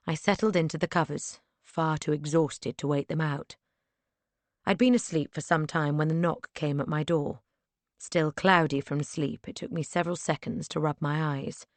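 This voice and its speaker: Low-voiced woman narrating an audiobook. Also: no echo. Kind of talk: first-person audiobook narration.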